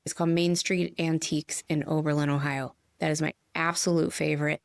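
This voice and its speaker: Middle-aged midwestern lady chatting on a spirit podcast, low gravelly voice, dry close sound. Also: level tone, brisk, no echo. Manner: chatty storyteller, laughs easily. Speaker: podcast co-host. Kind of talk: casual spiritual chat.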